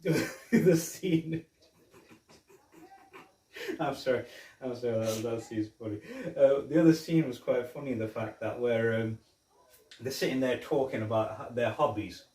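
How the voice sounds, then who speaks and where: A man's voice: mid-range voice, measured pace, long pauses, mellow. A man hosting a podcast, chatting casually about a film and retelling scenes with many restarts. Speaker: podcast host. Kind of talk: casual film review chat. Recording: roomy echo, distant mic.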